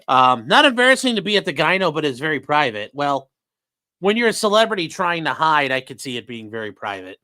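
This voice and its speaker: Man, livestream commentary, casual and profane, bright voice, lively pitch, dry close mic. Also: brisk, dry recording. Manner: profane, chatty, talks to chat and his dog. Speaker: defense attorney streamer reacting to a trial. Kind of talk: casual live-stream commentary.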